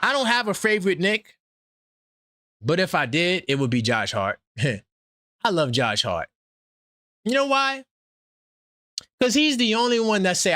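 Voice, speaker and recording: A man hosting a casual sports fan stream, talking animatedly and trash-talking, swinging between loud outbursts and low asides. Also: big pitch swings, unhurried, long pauses, no room sound, clean studio sound. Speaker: sports channel host.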